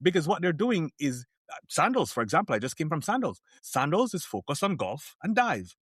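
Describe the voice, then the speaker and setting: A man as a podcast guest, talking in an animated, emphatic way and telling stories from the cruise world. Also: a little high, brisk, husky, dry recording, studio quality. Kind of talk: podcast interview.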